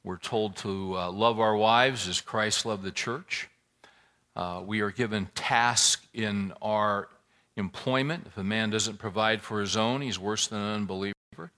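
A man preaching a sermon in a bright, forceful voice that sits a little low. He talks in an earnest, folksy way and slips easily into telling a story. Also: a little slow. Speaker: pastor. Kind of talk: sermon with prayer and joke.

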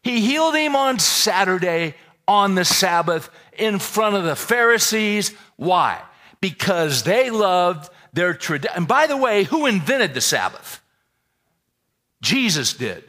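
A male pastor delivering a sermon in a bright, lifted voice. His pitch leaps about as he fires rhetorical questions and folksy asides at the room. His delivery is animated and conversational. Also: slow.

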